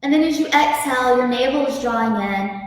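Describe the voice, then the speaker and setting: A woman yoga instructor speaking calmly, gently guiding breathing and stretches. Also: sits high, a little fast, heavy reverb, big-room sound, recorded from a distance, low-quality recording. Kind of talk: guest interview then guided yoga instruction.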